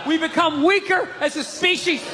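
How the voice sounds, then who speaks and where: A man's voice: very high-pitched, steady tone, normal speed. A middle-aged man doing a profane, ranting stand-up routine on a club stage, acting out characters along the way. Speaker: stand-up comedian. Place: comedy club stage before a live audience. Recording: live club recording with loud crowd noise.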